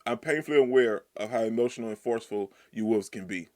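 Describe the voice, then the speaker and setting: A man reading the lines of a proud, cold young male deer from a manga, flat and clipped. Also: mid-range voice, fast talker, no room sound, clean studio sound, lightly acted.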